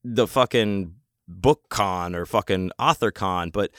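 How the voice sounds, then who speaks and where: A man's voice: low-pitched, slow, a bit bright, no room sound, studio quality. A man telling a story in a casual, rambling way, heated and full of swearing. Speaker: convention vendor telling a story.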